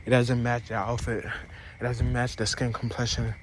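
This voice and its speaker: A man's voice: mid-range voice, level tone, normal speed, a little hiss or hum. Rambling young man with an African-American mixed accent. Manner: rambling, repeats and restarts phrases, addresses viewers directly. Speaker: vlogger. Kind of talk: opinionated casual monologue to camera.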